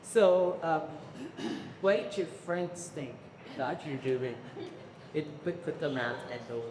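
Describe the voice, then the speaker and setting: A woman interviewing guests on stage, asking measured questions with fillers and quick affirmations. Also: low-pitched, animated, a little mellow, a little hiss or hum. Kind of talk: onstage interview. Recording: echoey hall.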